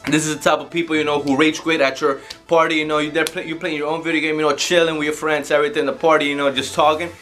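Rambling young man with a bright voice. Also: a little high, little pitch movement, fast, few pauses, soft background music. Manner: rambling, constant "you know" fillers. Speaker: video host. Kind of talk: casual vlog talk to camera.

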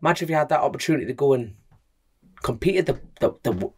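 Bloke rattling off stories quick, lots of um and like, mid pitch, chatty podcast host. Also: male voice, breathy edge. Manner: rambling, lots of fillers, animated storytelling. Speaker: podcast co-host and motorbike racer. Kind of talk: casual chat.

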